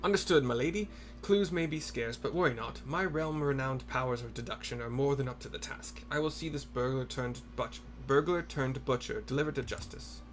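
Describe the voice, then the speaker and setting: A man's voice: mid-range voice, fairly quick, faint music behind, natural voice. A man voicing a grandiose, self-assured inspector who speaks in florid, old-fashioned formal phrases.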